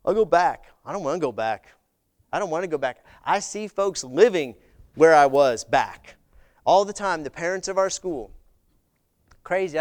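A middle-aged man preaching a sermon, telling stories in an animated way and acting out the voices of people he quotes. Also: high voice, clear, resonant tone. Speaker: visiting pastor.

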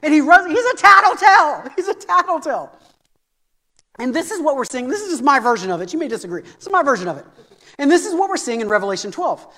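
A middle-aged man preaching a sermon, animated and conversational with touches of humor. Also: very high voice, racing. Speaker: pastor. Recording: long hall reverb.

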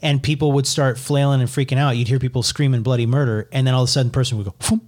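A man's voice: mid-range voice, steady tone, very fast, a little mellow. Guy chiming in, crude and blunt, casual chat.

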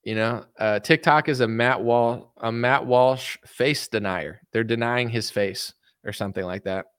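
A man's voice: medium pitch, a little slow, a bit bright, smooth, no room sound, clean studio sound. A man from the United States answering viewer questions in a casual, rambling, joking livestream chat. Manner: rambling, joking, reads viewer comments aloud.

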